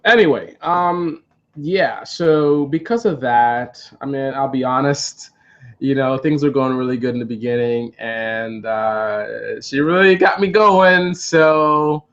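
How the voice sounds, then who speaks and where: Man, mid-pitched, meandering storytime delivery full of ums and restarts, slightly dull lo-fi sound. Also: slow, a bit bright. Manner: rambling, hesitant, many fillers and restarts. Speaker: vlogger on a live stream. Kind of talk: storytime monologue.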